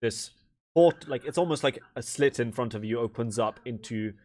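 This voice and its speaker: A man's voice: mid-range voice, moderate pace, darkish tone. A man narrating a tabletop game as game master, in a rambling, casual way full of fillers.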